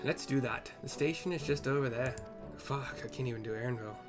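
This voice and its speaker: A man narrates a game story and describes the scenes as he goes, in a casual, self-deprecating way. His voice sits at an ordinary pitch. Clear game music plays behind him. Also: fairly quick.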